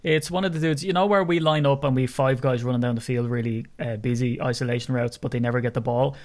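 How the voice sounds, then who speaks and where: A young Irish man hosting a chatty sports podcast, quick to crack jokes and drop a swear word. His voice sits at an ordinary middle pitch. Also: fairly even intonation. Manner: joking, swears casually. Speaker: podcast host. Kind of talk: casual chat.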